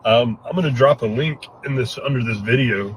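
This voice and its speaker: A man's voice: medium pitch, moderate pace, a little hiss or hum, low-quality recording. A man giving an earnest, choked-up update after a storm, speaking bluntly. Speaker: hurricane survivor giving an update. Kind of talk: emotional first-person update.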